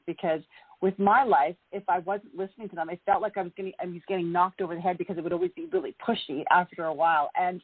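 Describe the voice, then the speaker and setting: A woman's voice: mid-range voice, breathy edge, no room sound. A woman hosting an interview show, responding with enthusiastic, affirming comments. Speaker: host. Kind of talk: interview chat. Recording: phone-like dry call audio.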